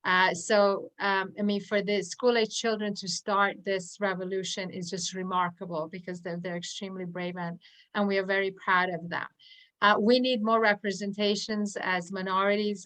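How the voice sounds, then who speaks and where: A woman's voice: medium pitch, little pitch movement, moderate pace, a bit bright, poor audio. A woman at an online community event, earnestly telling a personal story and acting out the quoted dialogue. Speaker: audience member at an online poetry event.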